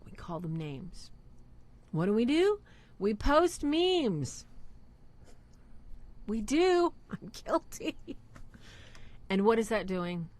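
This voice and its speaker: Emphatic preachy woman, lively pitch. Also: slow pace, pauses often. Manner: emphatic, preachy, rhetorical questions. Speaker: co-host of a faith show. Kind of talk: live-stream religious talk.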